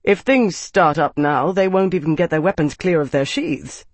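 Man doing confident young soldier, matter-of-fact, husky tone, dry sound. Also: a little high, normal speed, no echo.

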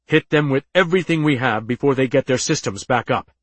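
A man's voice: medium pitch, brisk, no room sound, close to an everyday voice. A man voicing a male alien officer who pushes insistently for attack. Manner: insistent, pushy. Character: aggressive male blue alien officer, eager to strike.

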